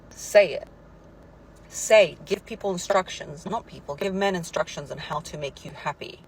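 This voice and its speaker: A woman's voice: deep voice, normal speed, slight background noise, low-quality recording. A woman giving relationship advice in an emphatic, lecturing monologue.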